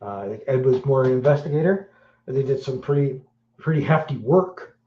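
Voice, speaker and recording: A man's voice: medium pitch, animated, normal speed, slight background noise. Blunt rambling man, roomy dull recording. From Wales. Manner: blunt, crude, rambling with many fillers. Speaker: podcast host. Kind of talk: casual chat.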